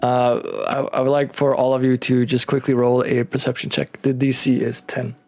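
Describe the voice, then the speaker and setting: A man's voice: mid-range voice, monotone, moderate pace, a little mellow. A man narrating as game master, speaking loosely and casually.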